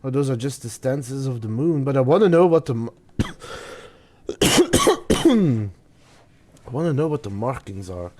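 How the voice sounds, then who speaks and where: A man's voice: medium pitch, sing-song, takes it slowly, long pauses, a little mellow. A man streaming a video game, reading in-game notes aloud and thinking through puzzles as he goes.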